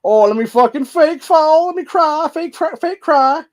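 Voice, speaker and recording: A man putting on a mocking high falsetto of a woman wailing in fake grief. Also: expressive, moderate pace.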